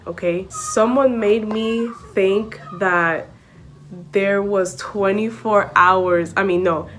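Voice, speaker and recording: A young woman vlogging casually to camera, chatty and full of "like" and "okay?", switching between English and Spanish. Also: medium pitch. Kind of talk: casual story-time chat to camera.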